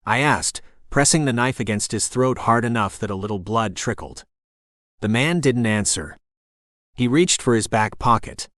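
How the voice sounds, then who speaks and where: A man narrates a first-person novel for an audiobook, his storytelling steady and even. His middle-pitched voice is miked close and dry with no room sound, and he moves at a moderate pace.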